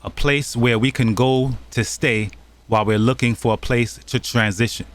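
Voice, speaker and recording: A man's voice: medium pitch, fairly even intonation, normal speed. A man hosting a channel, talking over clips in an accusatory, scolding commentary. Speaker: channel host.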